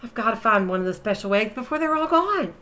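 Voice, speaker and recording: A woman voicing an excitable young male turkey who gobbles in a storybook reading. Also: a little high, quick pace. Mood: grumbling.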